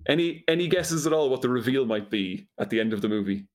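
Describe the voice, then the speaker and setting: Quick and lively in intonation, this medium-pitched male voice belongs to a podcast co-host summarizing a movie. He keeps it casual and funny, sounding dryly amazed and breaking into laughter often.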